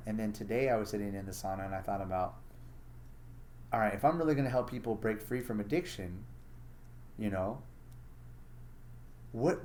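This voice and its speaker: A man's voice: lowish voice, a little mellow. A man hosting a casual solo monologue, blunt and profane, acting out his own inner thoughts as he talks. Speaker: podcast host.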